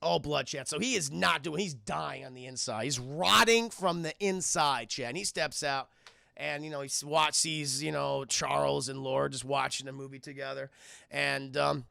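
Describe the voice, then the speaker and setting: A man excitedly recapping a film scene by scene on a live stream, swearing freely and constantly addressing his chat. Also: fairly high pitch, normal speed, gravelly, no echo, studio quality.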